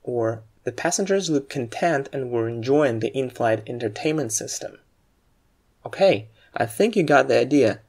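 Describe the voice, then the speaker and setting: Man, instructor, scripted lesson narration, mid-pitched voice, clear and deliberate explanations. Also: lively intonation, darkish tone. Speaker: aviation English instructor.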